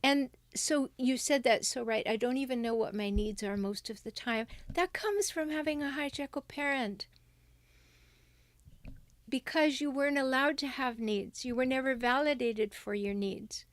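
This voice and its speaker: A woman's voice: sits high, measured pace, no echo. A middle-aged woman hosting a livestream with relationship advice, speaking emphatically and reading viewer comments aloud.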